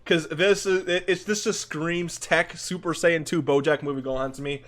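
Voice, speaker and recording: A young man giving excited reaction commentary on game animations, gushing and restarting his sentences, calling the viewer dude and bro. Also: on the high side, normal speed. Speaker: gaming YouTuber.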